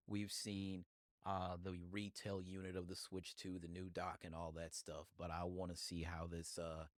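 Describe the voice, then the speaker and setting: A man's voice: sits low, no room sound, clean studio sound. A man hosting a solo podcast, giving heated, profane opinions on the news. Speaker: podcast host.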